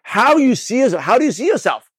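High-voiced energetic motivational man. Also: fast talker, slightly rough, dry recording. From Brooklyn, New York. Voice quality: slight lisp. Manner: energetic, repetitive, asks the listener questions. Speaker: podcast host, network marketing coach. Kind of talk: motivational talk.

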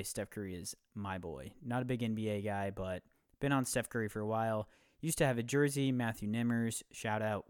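A young man in his twenties hosts a casual podcast, rambling along in an upbeat, easygoing way. His voice sits at an ordinary pitch, and the sound is close and dry with no room echo. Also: clear, resonant tone. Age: 20s. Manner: loose, rambling, upbeat with filler words. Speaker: podcast host.

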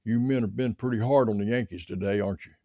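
A man's voice: lowish voice, quick pace, warm tone, no room sound, natural voice. A man voicing a friendly, easygoing modern hunter in a story.

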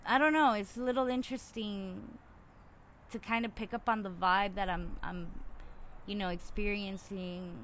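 A woman's voice: mid-range voice, normal speed. Young woman, solo casual monologue, fiery and profane, faint noise floor. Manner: animated, swears freely, gets worked up. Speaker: podcaster.

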